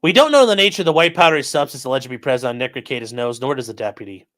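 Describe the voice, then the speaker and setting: A man's voice: fairly high pitch, sing-song, very fast, a bit bright. A man hosting his channel, mocking a court filing in profane, incredulous commentary and talking to his live chat. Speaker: channel host.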